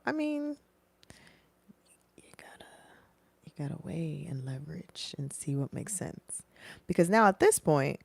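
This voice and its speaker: Low-voiced woman giving casual career advice. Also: creaky, no echo. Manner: animated, acts out dialogue in changed voices. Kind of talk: casual advice talk to camera.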